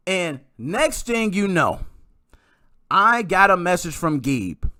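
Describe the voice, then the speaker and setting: An excitable man hosting a casual podcast, with a high, bright voice that swings up and down a lot. He tells his story with animated energy and a bit of mild swearing, close and dry on the mic. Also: slow, no echo. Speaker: podcast host.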